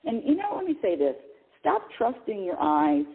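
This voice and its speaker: On a call-in radio show, a woman host speaks emphatically and often repeats her words over a tinny phone line. Her voice is medium in pitch with huge swings, at a moderate pace.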